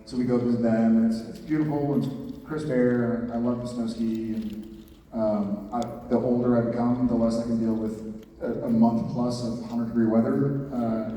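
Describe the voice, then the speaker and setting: A man's voice: medium pitch, steady tone, moderate pace, dark tone. Middle-aged male panel guest, jokey and meandering, heard far off in a big echoing hall. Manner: playful, rambling with fillers and restarts. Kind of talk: casual Q&A answers. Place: large convention hall. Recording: echoey hall from far off with crowd. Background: audience noise.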